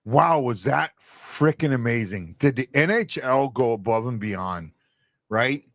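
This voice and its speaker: A man's voice: mid-range voice, animated, a little slow, no room sound, clean studio sound. A man hosting a live stream, talking casually and bluntly, rambling with many restarts and the odd swear word. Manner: blunt and opinionated.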